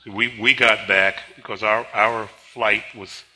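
Tired older pastor preaching, bright voice. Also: male voice, on the low side, fairly even intonation, low-quality recording. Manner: leads congregation in slow emphatic spoken confession; conversational storytelling between scripture. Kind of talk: sermon.

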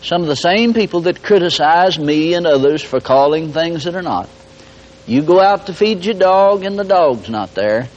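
A man's voice: fairly high pitch, lively intonation, normal speed. A man preaching a folksy, humorous sermon, repeating his points and acting out everyday examples, on a dull lo-fi recording. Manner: folksy and humorous, with lots of repetition.

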